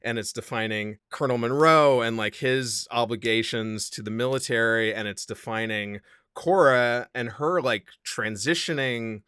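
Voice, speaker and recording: Bright, crisp-voiced man talking films. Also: mid-range voice, normal speed, no room sound, clean studio sound. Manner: enthusiastic, lots of "like" fillers, laughs often. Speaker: podcast co-host. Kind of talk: casual film discussion.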